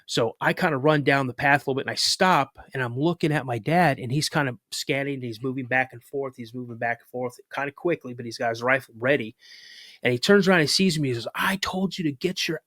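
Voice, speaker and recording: Male guest, mid-range voice, lively halting storytelling, dry recording. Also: medium pitch, no echo. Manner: animated retelling with restarts and acted-out quotes. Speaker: podcast guest, cryptid researcher. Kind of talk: casual personal storytelling.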